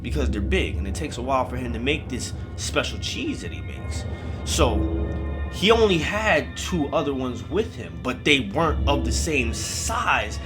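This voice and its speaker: A man's voice: mid-range voice, big pitch swings, moderate pace, over music. A man telling a spooky story in a casual, comedic way, full of swearing and rambling asides.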